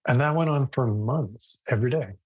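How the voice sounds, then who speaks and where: A man teaching a relaxed live yoga class online, talking casually and thoughtfully, with frequent restarts. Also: mid-range voice, moderate pace, breathy edge, no echo, low-quality recording.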